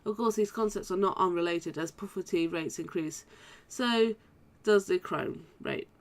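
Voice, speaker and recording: A woman's voice: on the low side, normal speed, lightly acted. A woman reading the lines of a kind, earnest male orc charity worker in a video game, in a formal, earnest manner. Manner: formal, earnest read-aloud dialogue.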